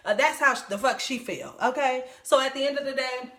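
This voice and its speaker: Her voice sits a little high as she chats through the recap, blunt and unfiltered, with plenty of swearing and quick asides. The sound has a noticeable echo, like a bare room. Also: a bit bright. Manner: blunt, profane, chatty, laughs often. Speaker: reality TV recap vlogger. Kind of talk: casual show recap commentary.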